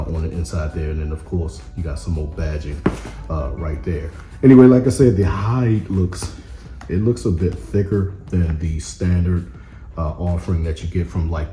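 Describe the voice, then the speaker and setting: A man casually reviewing sneakers on camera, relaxed and rambling with many fillers. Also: low-pitched, roomy sound. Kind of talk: casual product review vlog. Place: indoor room with camera. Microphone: camera mic.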